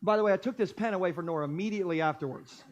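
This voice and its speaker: A male pastor preaching a sermon in a church, telling stories with jokes and lively, animated delivery. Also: high voice, rapid-fire, muffled recording. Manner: animated, jokey storytelling. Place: church stage.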